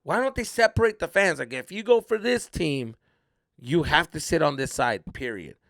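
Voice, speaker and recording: Comedian guy rambling a story on his podcast, super animated ups and downs, dry mic, cusses a lot, drops spanish slang. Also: moderate pace, no room sound. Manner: animated, acts out quoted people in high voices; profane, mixes in Spanish slang.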